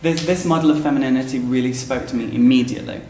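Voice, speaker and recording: The male author, in his thirties, talks fast in a steady, slightly mellow mid-range voice, chatty, theatrical and quick to laugh. His on-stage book launch interview takes place before an audience in a roomy hall, with slight background noise.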